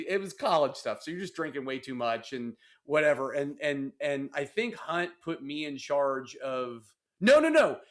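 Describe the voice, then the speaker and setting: A man hosting a casual podcast, retelling old college stories with laughs and acted-out quotes. His voice sits a little high. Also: a bit bright. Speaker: podcast host. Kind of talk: casual storytelling chat.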